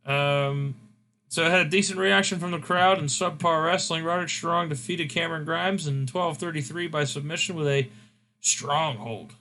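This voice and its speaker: Bright-voiced man recapping a game. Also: fairly high pitch, moderate pace. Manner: casual, rambling with fillers. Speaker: host. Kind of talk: casual game commentary.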